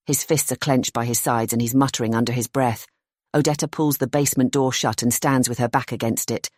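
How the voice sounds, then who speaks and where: Thriller audiobook narrator, tense and steady, dry close recording. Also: medium pitch, fairly quick, no echo.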